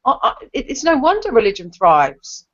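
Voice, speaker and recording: A woman with a London accent moderating a casual online debate, blunt and opinionated, quick to set people straight. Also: on the high side, huge pitch swings, fairly bright tone, dull audio. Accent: London English. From London, England. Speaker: discussion moderator.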